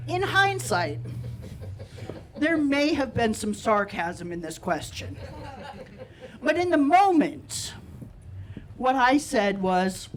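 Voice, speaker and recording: A man doing a stand-up set, telling a self-deprecating story in a deadpan way at a live comedy show. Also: very high voice, slow, long pauses, a little hiss or hum, low-quality recording.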